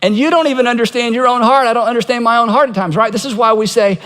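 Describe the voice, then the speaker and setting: High-voiced male pastor in a hall. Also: fast, a bit bright. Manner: conversational storytelling, acting out quoted voices with humor. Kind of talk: sermon.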